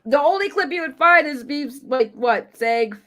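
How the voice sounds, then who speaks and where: A woman's voice: high-pitched, expressive, normal speed, bright, forceful tone. A woman guest on a casual livestream chat, insisting emphatically on her side. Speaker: streamer guest.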